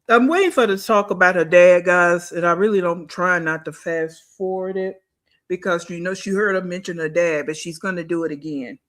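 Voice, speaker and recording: A woman's voice: low-pitched, a bit bright. Blunt, scornful woman reacting to a clip. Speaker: reaction channel host. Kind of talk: reaction commentary.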